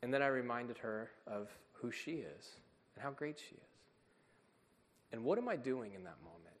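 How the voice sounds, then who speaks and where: A man of middle pitch delivers a sermon as a pastor, earnest and emphatic. His voice rings out through a church sanctuary, with a long reverb trailing every phrase. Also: sing-song, normal speed.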